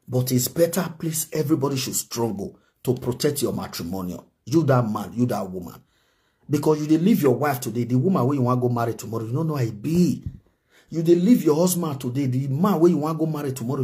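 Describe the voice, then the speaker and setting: A man's voice: mid-range voice, dark tone. A married Nigerian man giving pleading, preachy commentary in a vlog, often repeating himself. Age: adult, married. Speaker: gossip commentator.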